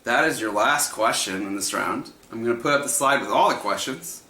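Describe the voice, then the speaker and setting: Chatty trivia host, bright roomy voice. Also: male voice, medium pitch, fairly quick. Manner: chatty, laughs often, repeats questions. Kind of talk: livestream trivia hosting.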